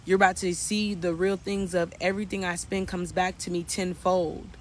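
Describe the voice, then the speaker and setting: A spiritual coach gives viewers a casual, preachy reading, repeating his points and calling them "y'all." His voice sits high with a level tone at a normal speed, and there's slight background noise.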